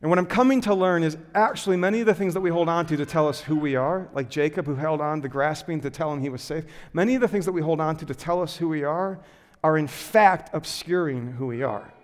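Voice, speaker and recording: A man giving a sermon, telling a self-deprecating personal story in a lively way with lots of filler words before turning to teaching. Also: a little high, smooth, in a large hall. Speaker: pastor.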